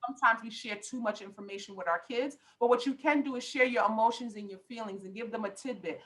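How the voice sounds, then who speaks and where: A woman's voice: on the high side, fast, few pauses, fairly bright tone, rough recording. A middle-aged woman life coach talking on a podcast, passionate and emphatic, with lots of preacher-like repetition. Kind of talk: podcast conversation.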